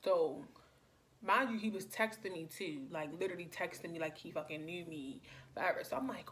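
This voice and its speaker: A young woman tells a storytime in a casual, rambling way, with "like" dropped into nearly every line and her voice sitting a little low. Faint noise hums behind her. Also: brisk. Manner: chatty, many "like" fillers, animated retelling. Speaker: vlogger.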